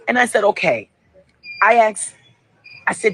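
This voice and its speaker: A woman's voice: mid-range voice, slightly rough, low-quality recording. Upset woman venting into her phone. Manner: upset, talking fast with sharp questions. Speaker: vlogger. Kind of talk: filming herself in a casual rant. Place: airport.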